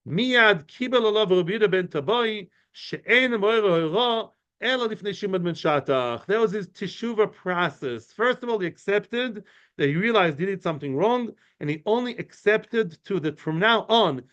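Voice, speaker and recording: A male Talmud teacher with a high-pitched, fairly bright voice gives an informal study-class lecture at a moderate pace. He's expressive, chatty and digressive, explaining with many fillers and asides and answering students' questions. The recording is dull, muffled and lo-fi.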